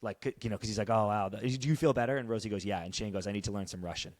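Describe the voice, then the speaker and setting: A man co-hosting a podcast, excitedly recapping TV scenes in casual chat and often dropping his voice to quote characters. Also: racing, dry recording. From Canada. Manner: excitable, quotes dialogue in lowered voice, says dude. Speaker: podcast co-host.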